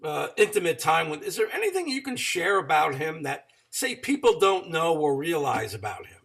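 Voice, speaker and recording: Lively bright-voiced male interviewer. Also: a little high, moderate pace, vocal fry, husky, far from the mic. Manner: prompting, encouraging questions. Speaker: podcast host.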